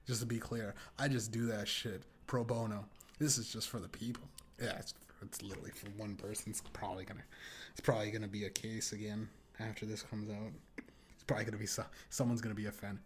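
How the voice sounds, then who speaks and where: A young man hosting a podcast, telling crude, rambling stories and laughing often. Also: medium pitch. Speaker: podcast host. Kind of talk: casual podcast rant.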